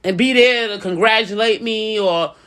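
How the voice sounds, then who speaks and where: A woman's voice: medium pitch, normal speed, fairly bright tone, smooth. A middle-aged woman and business owner giving casual advice straight to camera, blunt and emphatic, coming back to her points again and again.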